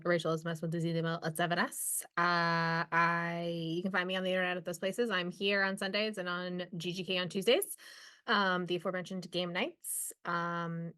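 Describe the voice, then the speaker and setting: A woman's voice: on the low side, bright, forceful tone. A woman player in a streamed tabletop game, joking playfully and tripping over her words, who also reads the recap. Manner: playful, laughing, tongue-tangled. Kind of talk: casual chat and read recap.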